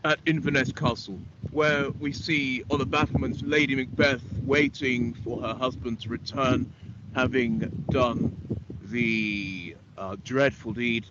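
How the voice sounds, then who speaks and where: Man teaching outdoors in loud wind. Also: medium pitch, steady tone, a little slow. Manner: addresses students directly, sets the scene. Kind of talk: outdoor lesson to camera. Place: outdoors on a windy heath. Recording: loud wind noise on a dull mic.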